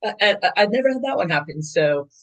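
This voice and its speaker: A woman in her sixties, a veteran softball umpire, telling game stories in a chatty, animated way with lots of fillers. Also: medium pitch, fast, low-quality recording. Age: 60s. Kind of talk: casual interview storytelling.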